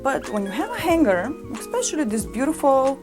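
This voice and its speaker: A woman's voice: high voice, brisk. A young woman reacting to a fashion show as a vlogger, joking and telling stories playfully. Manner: playful, joking, lively storytelling. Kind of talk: comedic reaction commentary. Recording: music playing underneath.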